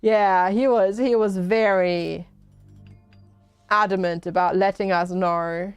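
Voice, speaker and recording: A woman's voice: mid-range voice, fairly even intonation, takes it slowly, smooth, dry recording, soft background music. A woman game streamer casually chatting, greeting and reading out her chat viewers while she plays.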